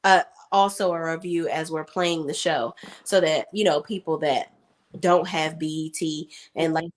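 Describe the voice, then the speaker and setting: A woman from Maryland hosting a casual live chat about a TV show, talking warmly to viewers and laughing often. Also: low-pitched, fairly even intonation, measured pace. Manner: chatty, laughs often, calls viewers "y'all". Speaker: show review host.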